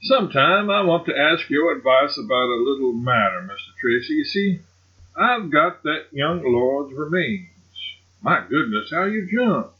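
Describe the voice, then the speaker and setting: A man's voice: very animated, a little slow, breathy edge, dull audio, heavily acted. A man doing a gushing old colonel. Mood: eager. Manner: gushing, pitched up and emphatic. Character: boastful elderly male colonel, effusive and scheming.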